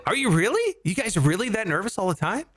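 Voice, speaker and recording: A man's voice: high voice, sing-song, quick pace, a bit bright. A man hosting a casual comedy podcast, reading out questions and joking with his co-hosts. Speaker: host.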